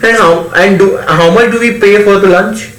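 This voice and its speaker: A man's voice: high-pitched, normal speed, a bit bright. A man moderating a casual group discussion, repeating answers back as he probes. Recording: echoey room, faint ambience.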